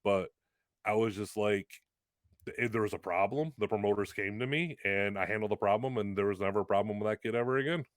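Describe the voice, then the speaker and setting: Low-voiced man telling a rambling story. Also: brisk, no room sound, clean studio sound. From Western New York, US. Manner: rambling, heavy use of "like". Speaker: guest, pro wrestler. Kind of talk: casual storytelling chat.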